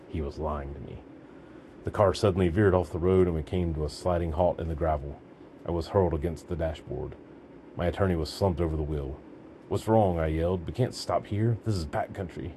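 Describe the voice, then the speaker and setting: A man reading a story aloud in a gritty, deadpan manner, breaking into shouts for the dialogue. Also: a bass voice, noisy background. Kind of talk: audiobook narration.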